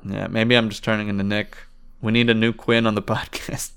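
A man's voice: on the low side, little pitch movement, brisk, creaky, fairly bright tone, clear, resonant tone. Dry, sarcastic young male podcaster. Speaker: podcast co-host. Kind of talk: casual chat.

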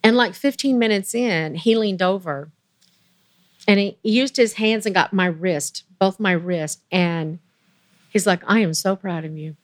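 An older woman speaks as an interview guest, earnest and emotional as she recounts her story. Her voice is dry and close, with no room around it, and her pitch sits in an ordinary middle range. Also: unhurried, no room sound. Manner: earnest, emotional, quotes others in lively voices.

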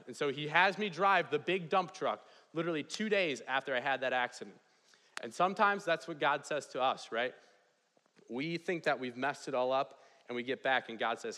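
A man's voice: mid-range voice, lively intonation, normal speed, sharp tone. A young man giving a chapel talk, telling a story with energy and asking "right?" often. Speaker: chapel speaker, residence hall director. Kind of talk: storytelling sermon. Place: large chapel hall. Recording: long hall reverb.

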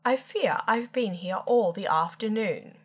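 A woman's voice: medium pitch, lively intonation, a little slow, breathy edge. A woman voicing a genteel, apologetic talking teacup in a storybook poem. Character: fussy polite talking teacup.

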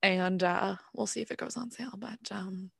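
A woman's voice: medium pitch, normal speed, gravelly, husky, no room sound. A woman chatting on her podcast, bouncing between her own voice and the voices of the people in her anecdotes. The sound is dry and close, with no room around it. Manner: animated storyteller, acts out quoted dialogue. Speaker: podcast co-host. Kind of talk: casual chat. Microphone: podcast mic.

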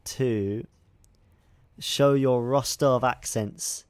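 A man's voice: mid-range voice, steady tone, slow pace, darkish tone, clean tone, no room sound. A man hosting a podcast, chatting casually and prompting his guest with easygoing asides. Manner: easygoing, prompting with "you know" and "right". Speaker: podcast host. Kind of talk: casual chat.

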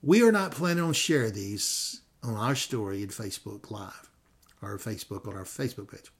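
A man's voice: lowish voice, lively intonation, moderate pace. A man hosting a ministry podcast, talking in a folksy, rambling way with frequent fillers and self-corrections. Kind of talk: casual podcast sign-off.

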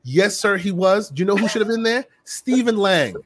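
A fairly high-pitched man hosts a casual gaming podcast, rattling on with plenty of fillers and quick restarts. His voice is close-miked and sounds dry, with no room around it. He comes across as animated and talkative. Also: no echo. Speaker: podcast host.

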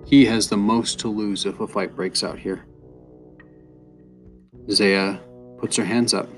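A man with a fairly low voice narrating a fantasy tale at a measured pace. Soft guitar plays quietly behind him. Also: steady tone. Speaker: storyteller. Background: soft guitar music.

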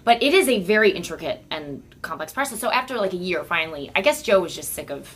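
Woman podcast guest, chatty and giggly, rambling with restarts, very lively pitch. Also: quick pace. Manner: giggly, rambling, self-interrupting. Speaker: guest comedian. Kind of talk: casual podcast chat.

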